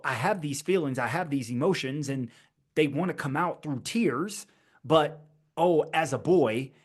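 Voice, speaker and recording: A man hosting his own podcast, talking alone in a rhetorical style with slow, emphatic repeated phrases. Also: fairly high pitch. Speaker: podcast host. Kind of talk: scripted-sounding solo podcast monologue.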